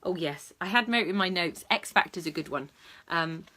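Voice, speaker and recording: A woman's voice: fairly low pitch, lively intonation, moderate pace, pushed and bright. A woman talking casually to camera as a dog trainer, chatty and matter-of-fact, with lots of ums and restarts. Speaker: dog trainer and vlog host. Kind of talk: casual advice talk to camera.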